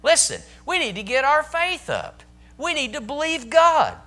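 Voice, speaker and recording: Man preacher, high bright voice, emphatic sermon delivery. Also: huge pitch swings, a little slow. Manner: preaching with rising, emphatic intensity. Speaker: pastor.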